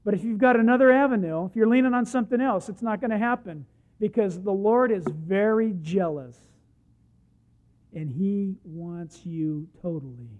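High-voiced male preacher, muffled recording. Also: normal speed. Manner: emphatic, swings from hushed to loud; acts out the Bible quotes he tells. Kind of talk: sermon.

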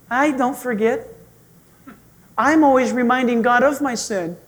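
A male pastor preaching in a church sanctuary, in a very high voice that leaps around in pitch. He tells stories with humor and animation. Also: animated, normal speed. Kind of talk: sermon.

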